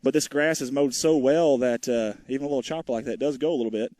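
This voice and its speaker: A folksy man calls a small-town baseball game outdoors, rambling and joking with viewers between pitches. His voice sits at an everyday middle pitch and sounds a little winded. The sound is dry and close. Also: fast, mellow, no echo. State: out of breath. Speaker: play-by-play commentator. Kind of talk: folksy live baseball commentary.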